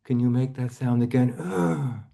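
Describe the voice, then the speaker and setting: A man teaching a seminar, gently guiding a volunteer through a body-focused therapy exercise over a video call, often dropping to a hush. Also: mid-range voice, unhurried, vocal fry.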